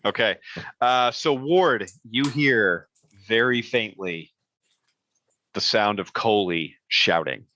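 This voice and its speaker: A man's voice: on the low side, lively intonation, takes it slowly, sharp tone, no echo. A man running a tabletop game as game master, easygoing, with frequent chuckles and "uh"s. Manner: easygoing, chuckles often, many "uh"s. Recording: dull lo-fi audio.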